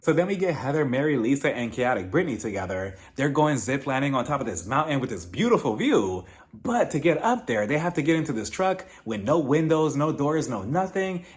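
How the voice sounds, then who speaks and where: Animated sassy man recapping reality TV. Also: a little high. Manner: sassy, gossipy, laughs often. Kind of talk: casual episode recap commentary.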